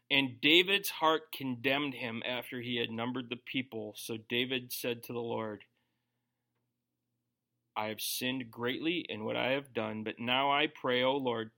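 A man's voice: mid-range voice, creaky, bright, forceful tone. A man preaching a conversational sermon, joking and briefly acting out quoted voices as he teaches through a Bible passage. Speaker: pastor.

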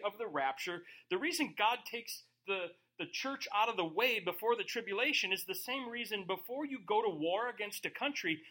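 A man's voice: sits high, bright, forceful tone. A male pastor teaching verse by verse in a conversational way, acting out quoted voices.

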